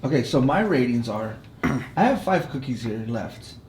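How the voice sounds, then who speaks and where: A man co-hosting a casual food show, quick and teasing. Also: medium pitch, very animated, reverberant, background noise. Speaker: co-host. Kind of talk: casual food review chat.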